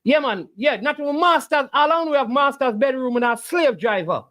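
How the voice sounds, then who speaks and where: Livestream host, argues and lectures the chat, swooping animated pitch. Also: fairly quick. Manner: argumentative, preachy, rhetorical questions. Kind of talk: casual argumentative livestream talk.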